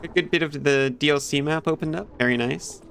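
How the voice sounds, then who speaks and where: A man's voice: a little high, brisk, creaky, fairly bright tone, slight background noise. A man streaming a video game, chatting casually with viewers and laughing at his own mix-ups. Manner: chatty, giggly, apologetic asides to chat. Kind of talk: casual gameplay commentary.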